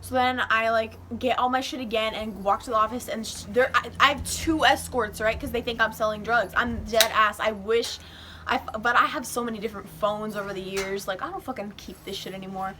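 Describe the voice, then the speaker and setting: A teenage girl telling a casual storytime to her phone camera, animated and swearing freely as she acts out the people in it. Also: on the high side, fairly quick, noisy background. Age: teens. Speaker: vlogger.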